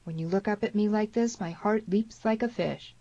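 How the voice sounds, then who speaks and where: A woman's voice: mid-range voice, moderate pace, warm tone, dry recording, highs cut off, pitched above the performer's own voice, lightly acted. A woman voicing a grave, stern young frontier man who speaks gloomily, in an audiobook.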